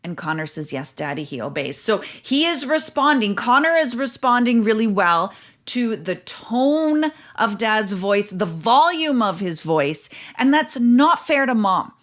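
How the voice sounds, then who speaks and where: A woman's voice: fairly high pitch, big pitch swings, measured pace, fairly bright tone. A middle-aged woman, a parenting coach and podcast host, gives casual advice and explains through anecdotes and numbered steps.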